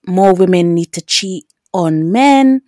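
A woman co-hosting a podcast, replying in a calm, brief, conversational way. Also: fairly low pitch, slow pace, background noise. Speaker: podcast co-host. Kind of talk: casual chat.

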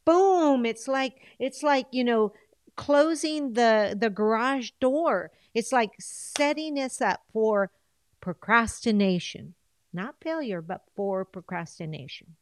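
This woman's fairly high voice takes a slow pace as she coaches listeners on setting goals, mixing English and Spanish. Her manner is coaxing, full of repeated phrases, and the studio recording is clean with no echo.

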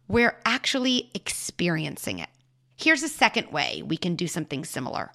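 A woman hosting a show and giving parenting advice to a caller, explaining patiently and dropping into soft hushed asides. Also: medium pitch. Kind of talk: advice talk answering a caller.

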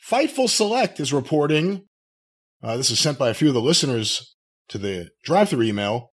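A man's voice: medium pitch, big pitch swings, normal speed, breathy edge. A man co-hosting a podcast, talking in an incredulous, mocking and profane way. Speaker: podcast co-host. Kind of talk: casual podcast chat.

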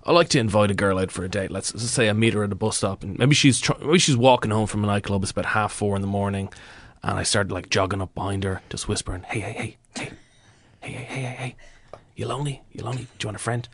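A man's voice: on the low side, fast, dry recording. A man playing a boastful, defensive self-styled pick-up artist, in an improvised comedy sketch recorded in a studio. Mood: smug. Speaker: studio guest.

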